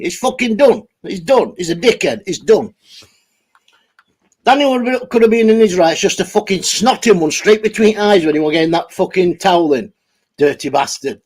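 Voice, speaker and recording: Sweary man, husky voice. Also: high voice. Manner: sweary, laughs often, talks to chat by name. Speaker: live stream host. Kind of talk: rambling live chat with viewers.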